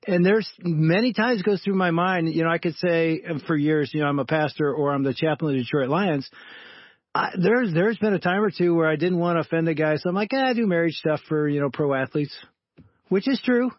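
A man who is a pastor, co-hosting a faith talk show and telling stories in an animated way, acting out the people he quotes. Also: on the high side, a little fast, no echo, lo-fi sound. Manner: animated, acts out quoted voices. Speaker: pastor and co-host. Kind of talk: conversational storytelling.

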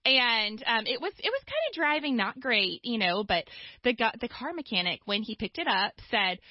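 A woman, a guest author, telling stories in a casual conversation with lively asides. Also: fairly high pitch, no room sound. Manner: lively storytelling with quick asides. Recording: dull dry studio sound.

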